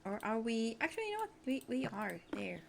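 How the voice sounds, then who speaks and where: A woman's voice: on the high side, big pitch swings, brisk, gravelly, heavy background noise. A tired woman streaming a building game, chatting casually to her viewers in a sleepy, rambling, self-mocking way. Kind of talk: casual live-stream chat while building.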